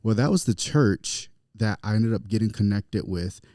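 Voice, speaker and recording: A male pastor from Florida in casual podcast chat, telling a story in a relaxed way with lots of fillers. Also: on the low side, moderate pace, no room sound, studio quality.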